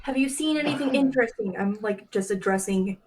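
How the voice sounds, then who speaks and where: A woman's voice: on the high side, fairly quick, slight background noise. A woman playing a tabletop game, direct and full of questions. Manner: direct, asks many questions. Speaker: player.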